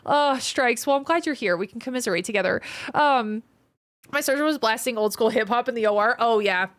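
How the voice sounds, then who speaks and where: A woman's voice: high voice, a bit bright, no echo. A woman streaming live, chatting casually and reading viewer comments aloud, a surgical trainee with a frank, profane way of talking. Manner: frank, profane, quick to vent.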